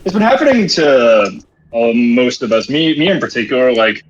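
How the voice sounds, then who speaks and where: A man's voice: mid-range voice, normal speed, lo-fi sound. A man co-hosting a livestream, chatting casually and laughing a lot while cooking at home, talking into a computer mic on a voice call. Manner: laughing, joking, lively. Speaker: stream co-host.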